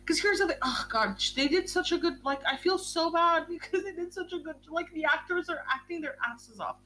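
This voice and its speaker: A young woman hosts a book club stream, chatting casually in a quick, gushing manner and swearing now and then. Her voice is very high-pitched, bright, and forceful.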